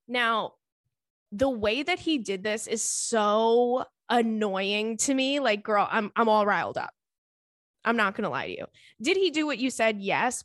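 A young woman hosting a casual podcast, reading listener letters aloud and reacting with animated indignation and frequent swearing. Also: on the high side, dry recording.

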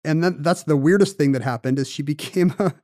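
A man co-hosting a podcast, telling a story in casual chat with animated, quick bursts. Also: on the high side, no room sound, clean studio sound. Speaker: podcast co-host.

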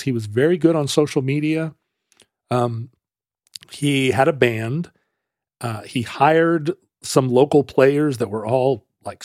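A man's voice: medium pitch, dry recording, studio quality. A man hosting a casual talk show, telling a long story and acting out the voices of the people in it. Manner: animated storyteller who acts out quoted voices. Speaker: podcast host.

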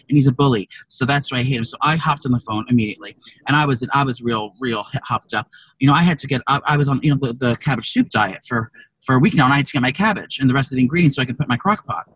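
A man co-hosting a comedy podcast, rambling through crude stories with loud, profane rants. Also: medium pitch, slightly rough. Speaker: podcast co-host. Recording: distant from the mic.

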